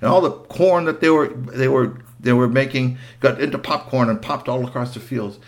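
A man's voice: medium pitch, normal speed. A man telling a myth to children with chatty asides. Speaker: storyteller. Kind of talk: animated storytelling for children.

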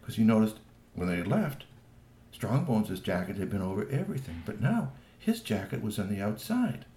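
A man's voice: fairly low pitch, normal speed, roomy sound. A man telling a children's story aloud, addressing the listeners directly. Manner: lively, talks to listeners directly.

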